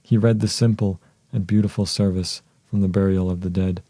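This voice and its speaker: Man reading an old novel, calm and soothing, low flat voice. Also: fairly quick, no echo. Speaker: audiobook narrator. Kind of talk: slow audiobook reading.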